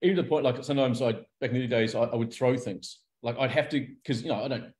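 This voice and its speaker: A man's voice: medium pitch, quick pace. A man, a guest in a candid interview, speaking openly and acting out the people in his stories. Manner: animated storyteller, acts out quoted characters.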